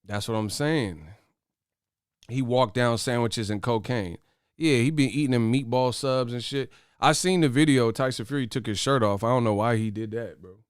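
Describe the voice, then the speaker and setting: Man, boxing commentary host, brash, profane, mocking, casual, mid-pitched, dry close sound. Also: normal speed, clear, resonant tone, dry recording.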